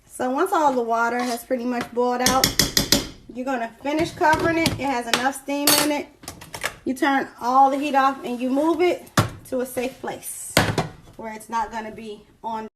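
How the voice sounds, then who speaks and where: High-voiced woman showing home cooking. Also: normal speed, very noisy. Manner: relaxed, chatty step-by-step instructions. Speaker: cooking show host. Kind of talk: casual cooking demonstration. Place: home kitchen.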